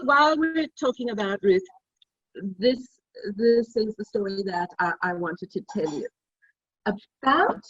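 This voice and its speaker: Middle-aged woman, cooking demo host on a video call: chatty storyteller, slightly high, husky, dry and dull line. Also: a bit bright, no room sound. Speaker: cooking demonstrator.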